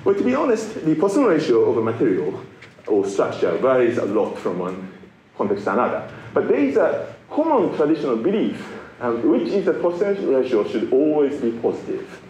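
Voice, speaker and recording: A middle-aged man from Japan lectures in a playful, self-mocking way, his pitch rising and falling with lively energy. The sound is roomy, as in a lecture hall, with a faint hum of ambience behind him. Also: moderate pace. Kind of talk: public science lecture.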